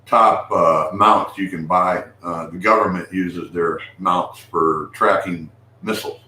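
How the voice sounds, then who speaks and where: Low-voiced man rambling on a live stream. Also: fairly even intonation, slow pace, bright, forceful tone. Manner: rambling, restarts, talks to viewers. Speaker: observatory owner hosting a live stream. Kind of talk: casual live-stream chat. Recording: echoey room with faint noise.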